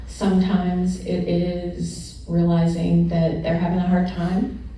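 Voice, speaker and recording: A woman's voice: lowish voice, completely flat delivery, slow, warm tone, slight background noise. Candid middle-aged woman, echoey hall. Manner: candid, laughs often, gets emotional. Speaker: honored alumna speaking at a celebration. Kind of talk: personal storytelling remarks to an audience. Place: large echoey event room with an audience. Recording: distant, echoey room sound.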